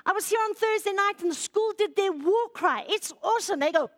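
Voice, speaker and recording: A woman preaching a sermon in church, emotional, swinging from loud, stirring lines to hushed, quiet ones. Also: very high-pitched, quick pace, hardly any pauses. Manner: emotional, rises loud then drops to hushed.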